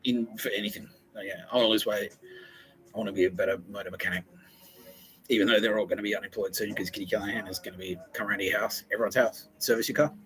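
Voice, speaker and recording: A man's voice: on the low side, steady tone, quick pace, fairly bright tone, rough recording. A man in his forties hosting a podcast, rambling and joking with lots of swearing. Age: 40s. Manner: profane, jokey, rambling. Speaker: podcast host. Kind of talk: casual solo podcast monologue.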